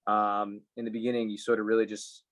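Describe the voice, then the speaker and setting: Fast-talking, low-voiced new hire. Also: male voice, level tone, a bit bright, dry recording. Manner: rambling, full of fillers. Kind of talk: group discussion feedback.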